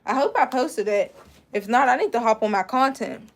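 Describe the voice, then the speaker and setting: High-voiced young woman teaching braiding live. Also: expressive, normal speed. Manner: casual, chatty, answers viewer questions while working. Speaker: braiding instructor. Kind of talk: live-streamed hair braiding class.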